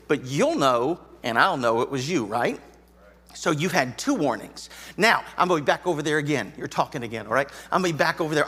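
A man's voice: on the high side, a bit bright, breathy edge. A man preaching a sermon in a church auditorium, folksy and joking with the congregation. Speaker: pastor.

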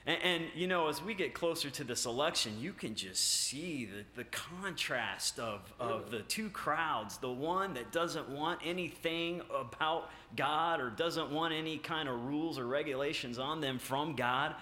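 A man preaching a sermon, halting with many filler sounds and restarts, then rising with emphasis on key points. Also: a little high, pushed and bright, slight background noise. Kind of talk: sermon with scripture reading. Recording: echoey room.

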